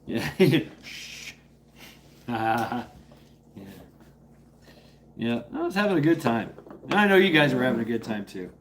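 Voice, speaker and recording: Lively, rambling man streaming live. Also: medium pitch, a little slow, long pauses, a little hiss or hum. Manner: rambling and playful, greets chatters by name; breaks into a playful coaxing voice with his dog. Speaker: livestream host. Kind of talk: casual live chat with viewers.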